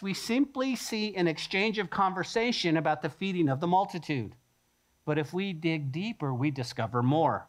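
A man preaching a sermon as pastor, animated, acting out the disciples' voices with fillers and asides. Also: sits high.

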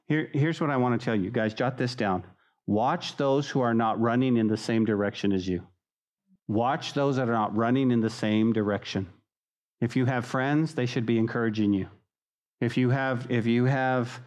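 A man preaching a sermon as pastor, animated and casual, slipping into voices as he acts out little dialogues. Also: medium pitch. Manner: casual slang-laced delivery.

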